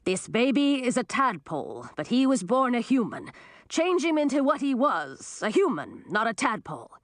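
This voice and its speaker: A woman voicing a cowardly old male wizard who whines and squeaks in a storybook reading. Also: very animated, normal speed, no echo, clean studio sound. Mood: nervous. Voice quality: whiny, squeaky.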